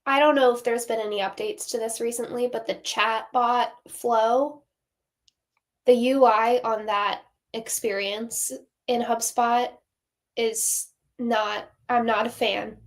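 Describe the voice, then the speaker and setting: A woman's voice: fairly high pitch, steady tone, slow pace. A woman co-hosting a podcast, giving candid, somewhat hesitant opinions in casual chat. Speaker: podcast co-host.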